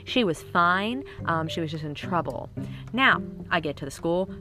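A woman's voice: lowish voice, lively intonation, normal speed, over music. Profane woman in her thirties, chatty. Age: 30s. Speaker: parent telling stories about her kids. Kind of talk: casual comic storytelling to camera.

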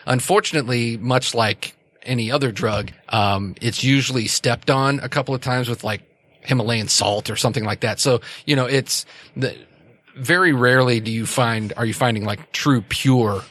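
A man's voice: medium pitch, moderate pace, fairly bright tone, no room sound. A man narrating as game master of a tabletop game, rambling with many restarts and fillers.

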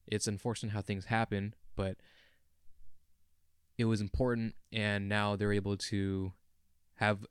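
A man's voice: fairly low pitch, clean tone, dry recording, studio quality. A young man co-hosting a podcast, talking in an earnest, rambling and emotional way. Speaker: podcast co-host. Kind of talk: casual chat.

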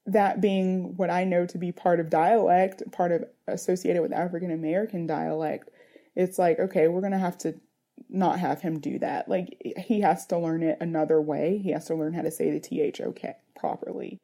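A woman's voice: on the low side, steady tone, moderate pace, creaky, mellow. A woman in her thirties, a mother speaking earnestly in an interview, searching for words with many fillers. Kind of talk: reflective personal interview.

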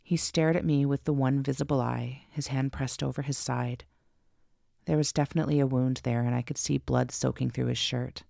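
A woman narrating a first-person ghost story for her podcast, slow and suspenseful. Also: a bass voice, steady tone, vocal fry, dark tone, no room sound, studio quality.

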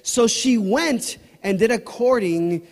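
A man's voice: high-pitched, slow pace, darkish tone, big-room sound. A man preaching a sermon as pastor, passionate and building to emphatic peaks.

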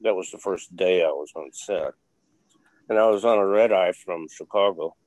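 An older man who once worked on film crews tells rambling stories as an interview guest, full of fillers and blunt swearing, in a casual storytelling mood. His voice is low-pitched and a little mellow at normal speed, captured in poor audio.

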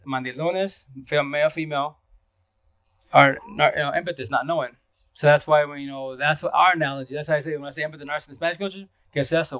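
A man's voice: on the high side, fairly bright tone, no echo. A man from Eastern Washington chatting casually on a livestream, rambling in slang, laughing often and greeting viewers by name. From Eastern Washington, USA. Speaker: livestream host.

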